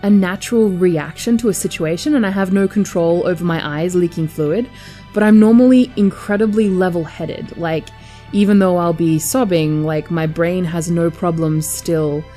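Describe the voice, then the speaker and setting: A woman's voice: fairly low pitch, mellow. A young adult woman telling a personal story to camera, candid and chatty with lots of filler words. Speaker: vlogger.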